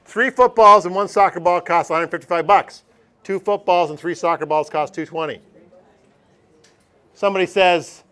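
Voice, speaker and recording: A man teaching math in a classroom, pitched a touch high. He jokes with his students and keeps the lesson lively and direct. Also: normal speed, clear, resonant tone. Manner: lively, joking, talks straight to students.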